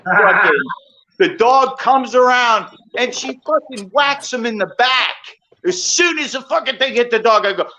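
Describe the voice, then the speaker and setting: A high-pitched, bright man rants profanely on a dull, lo-fi call with faint hiss behind him. He tells his story in worked-up bursts and shouts out the lines he quotes. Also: moderate pace. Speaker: call-in guest. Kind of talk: casual chat, heated storytelling.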